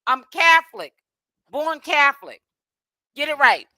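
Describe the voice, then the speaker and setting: A woman's voice: high-pitched, sing-song, a little slow, bright, forceful tone, no echo. A woman giving casual commentary in a sassy, mocking way. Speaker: commentary streamer.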